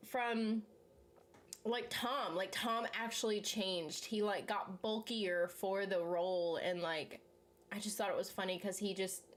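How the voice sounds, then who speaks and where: Young woman just chatting casually, rambly, says "like" a ton, mid-pitched voice. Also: steady tone, measured pace. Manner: rambling, filler-heavy with frequent "like" and laughs. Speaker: channel host. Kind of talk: casual chat reacting to a series while eating.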